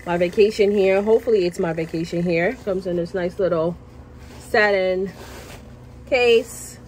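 A woman's voice: on the low side, a little slow, slight background noise, rough recording. A woman vlogging casually from her workplace, chatty and passionate, repeating herself and tagging her lines with "okay?". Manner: passionate, now and then gets loud. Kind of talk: casual chat to camera. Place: at work, indoors.

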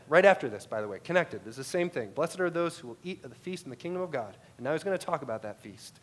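A man's voice: a little high, animated, fast talker, hardly any pauses. A man with an American accent preaching a sermon to a congregation, telling stories and asking repeated rhetorical questions. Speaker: pastor.

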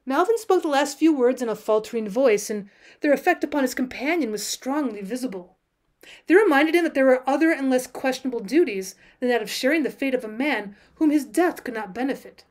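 A woman teacher narrates a classic story as an audiobook, steady and measured. Her voice is high and light. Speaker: teacher reading aloud.

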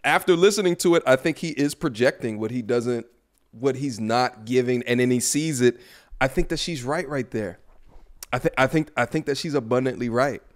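A man hosting a relationship talk show gives his take in a loose, conversational way. His voice keeps jumping up in pitch when he drives a point home, and he sounds lively and emphatic. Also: moderate pace. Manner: animated, climbs high when making a point. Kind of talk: casual commentary.

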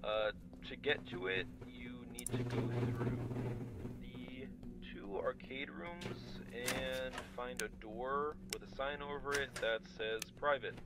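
A man voicing a casual phone guy in a horror game, giving relaxed night-shift instructions with lots of uhs. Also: mid-range voice, slow pace, very noisy. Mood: calm. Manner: relaxed, rambling with many uhs.

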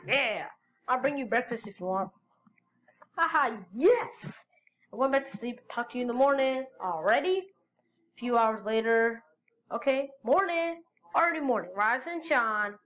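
A woman hosting her channel, reading chat stories aloud with excitable, gasping reactions. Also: a little high, muffled recording. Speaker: channel host.

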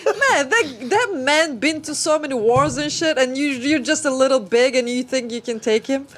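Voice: sits high, normal speed, fairly bright tone, slight background noise. A podcast co-host making dry, teasing remarks in a casual chat.

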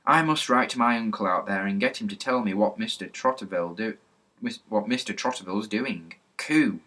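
A man's voice: lowish voice, a little fast, bright, forceful tone. A man voicing a cheeky, polite young telegraph boy in a children's storybook reading. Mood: chirpy. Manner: chirpy, cheeky.

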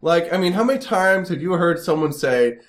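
A Midwestern American man riffing on a comedy podcast, his pitch leaping up and down as he teases and interrupts. His voice sits a little higher than most men's, and he rarely lets the other person finish a sentence. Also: moderate pace. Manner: animated, teasing, keeps interrupting. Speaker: podcast co-host. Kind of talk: casual comedic chat.

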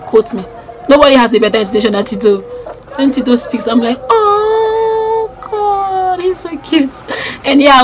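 A young Nigerian woman with a Nigerian accent, chatting excitedly on her vlog and repeating herself as she gushes about people she admires. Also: fairly high pitch, noisy background. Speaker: YouTuber. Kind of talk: casual vlog chat.

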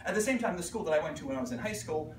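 Animated male teacher in echoey hall. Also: on the high side, rapid-fire, noisy background. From Pittsburgh. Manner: animated storyteller, acts out voices, frequent "right?". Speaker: art teacher presenting at a conference. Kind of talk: conference talk to teachers. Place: conference room. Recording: echoey room recorded from a distance.

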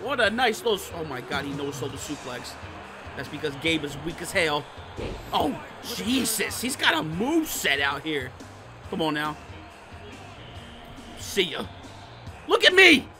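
Hyped male gamer, sharp bright voice, big swings in pitch, swears and shouts at the screen. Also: a little slow, long pauses, faint music behind. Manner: excitable, profane, trash-talking, bursts into shouts. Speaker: gaming YouTuber. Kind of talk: live gameplay commentary.

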